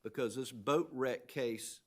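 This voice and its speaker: A male judge questions an attorney from the bench. His mid-range voice moves carefully and haltingly, full of pauses, fillers and restarted phrases as he works through his concerns. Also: mid-range voice. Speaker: appellate justice. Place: appeals courtroom.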